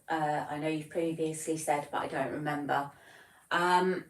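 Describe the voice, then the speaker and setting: Speaking slowly with frequent pauses, this Devon-accented Englishwoman in her forties chats through viewer comments on her livestream, poking fun at herself along the way. Her voice is deep, the sound reverberant, the mic distant, and the recording rough.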